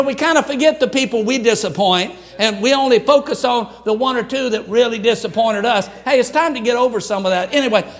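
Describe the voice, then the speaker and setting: An older man from Louisiana preaching a sermon in an emphatic, repetitive cadence. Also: very high-pitched. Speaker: pastor.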